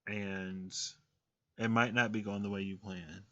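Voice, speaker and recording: A man on a casual tarot reading, rambling and filler-heavy, with a low but bright, forceful voice. The recording is dull and lo-fi, like a cheap home mic. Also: level tone, unhurried. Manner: rambling, lots of "like" and "um", laughs often. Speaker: tarot reader.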